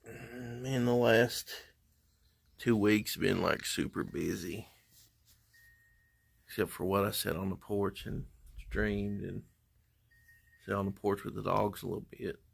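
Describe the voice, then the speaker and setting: A man's voice: lowish voice, steady tone, slow pace, gravelly, pauses often, slightly rough. A middle-aged man chatting casually on a livestream, telling easygoing, rambling stories from his porch. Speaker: live streamer. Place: outdoor porch.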